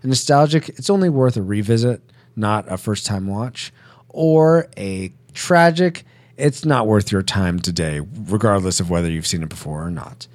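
A man hosting a film podcast, jokey and animated. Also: lowish voice, normal speed, no echo. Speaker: podcast host.

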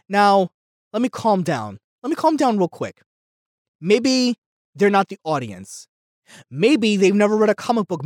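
A young man hosting a solo podcast, ranting heatedly and swearing. He repeats himself and swings between yelling and muttering. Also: high-pitched, no room sound, clean studio sound. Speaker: podcast host.

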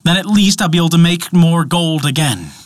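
A man's voice: fairly high pitch, brisk, no echo, clean studio sound, voice pushed up, natural voice. A man telling a myth aloud, voicing a cringing dwarf smith who whines and pleads. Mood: pleading. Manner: whining, pleading. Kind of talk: storybook narration.

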